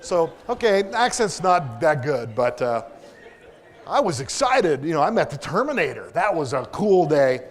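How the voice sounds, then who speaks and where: A man from Kansas, a propulsion engineer, giving a lively public lecture full of self-deprecating stories and enthusiasm. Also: fairly high pitch, moderate pace, soft background music. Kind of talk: lecture with anecdotes. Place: lecture hall.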